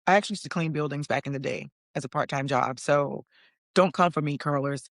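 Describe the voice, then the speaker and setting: A woman's voice: deep voice, fairly quick, no room sound. Sassy chatty woman host, dry close sound. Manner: sassy, chatty, says "honey" and "okay". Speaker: podcast host. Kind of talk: casual opinion commentary.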